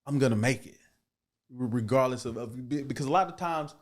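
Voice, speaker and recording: A middle-aged man, a podcast guest, telling his life story with animated energy that builds to loud excited bursts. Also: medium pitch, a little fast.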